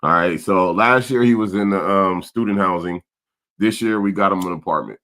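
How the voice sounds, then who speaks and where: A man's voice: sits low, moderate pace, fairly bright tone. A middle-aged man, chatting casually and emotionally in a laid-back, slang-heavy way. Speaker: vlog host, father. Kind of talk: casual vlog chat.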